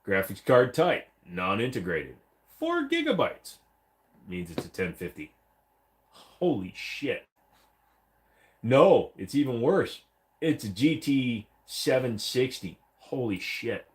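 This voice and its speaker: A man hosts a casual livestream in an unhurried, mid-range voice whose pitch swoops wildly. Blunt, profane and rambling, he reads viewer comments aloud and mock-voices the chat messages.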